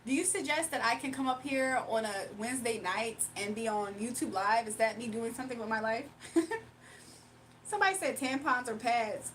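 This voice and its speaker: A woman's voice: a little high, normal speed, a bit bright, slight background noise. A young woman from Virginia, hosting a livestream and reading out chat comments in a playful, sassy way with frequent laughs. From Virginia, United States. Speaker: livestream host.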